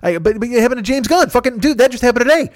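A man's voice: very high-pitched, animated, very fast. A man in his fifties doing a rambling, profane, self-mocking solo comedy podcast from his apartment, talking into a microphone turned sideways. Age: 50s. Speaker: podcast host.

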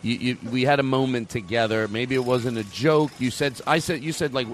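A middle-aged man hosting a comedy podcast, rambling excitably through an improvised bit. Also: mid-range voice, a little hiss or hum. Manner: excitable, rambling, quick restarts.

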